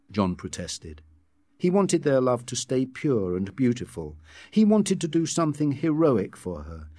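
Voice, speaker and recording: A man reading a story aloud in a measured, expressive way as narrator. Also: medium pitch, no room sound.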